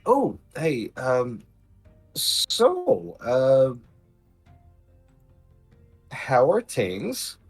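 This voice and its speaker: A man's voice: on the low side, slow pace, long pauses, darkish tone, faint music behind. A man voicing an earnest, slightly awkward young adventurer who talks hesitantly. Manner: hesitant, nervous delivery.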